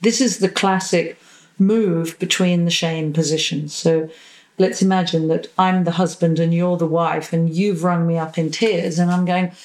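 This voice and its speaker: A woman therapist talking in a podcast interview, animated, acting out quoted voices and swearing casually. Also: lowish voice, moderate pace, poor audio. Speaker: psychosexual and relationship therapist, podcast guest.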